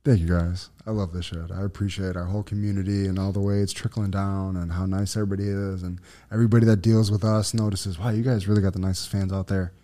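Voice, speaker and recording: Deep fast-talking laid-back podcast man. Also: level tone, mellow. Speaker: podcast co-host. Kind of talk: casual podcast chat.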